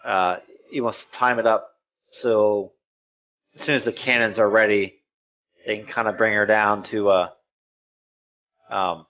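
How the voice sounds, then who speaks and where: Slow-talking man player, lo-fi line. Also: lowish voice, steady tone. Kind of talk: casual game chat.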